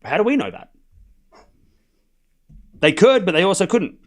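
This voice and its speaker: A young man with an Australian accent and a voice pitched a little high, talking casually into a desk mic. He drifts between chatty asides and quick score calls, rambling in a relaxed stream-host way. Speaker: host doing live tennis commentary. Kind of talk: casual live-stream commentary.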